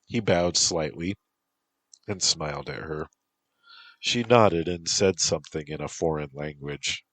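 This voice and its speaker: Deep, slow male storyteller. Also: steady tone, bright, forceful tone, no echo. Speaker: narrator. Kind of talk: audiobook story narration.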